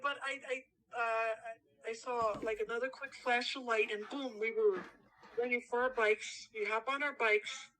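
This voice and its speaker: A woman being interviewed, telling her story in a halting, animated way with many restarts. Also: on the high side, poor audio. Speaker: interview guest.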